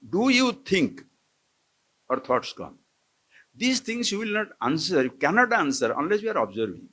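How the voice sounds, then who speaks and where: A man's voice: high voice, big pitch swings, moderate pace, bright, forceful tone. A man, a swami giving a live spiritual discourse to a camp audience, questioning his listeners and chuckling often. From India. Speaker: swami teaching scripture. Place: lecture hall at an ashram camp.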